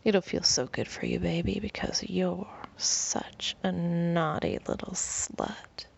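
A woman voicing a dominant, commanding male lover in a whispered role-play, speaking low and teasing. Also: slow pace, gravelly, breathy edge, dull audio, exaggerated voice. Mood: soothing.

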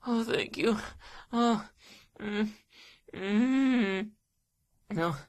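A woman's voice: mid-range voice, extremely slow, a little mellow, no echo, studio quality. A young woman in a solo audio role-play, speaking in a hesitant, stammering, pleading way and often dropping to a whisper.

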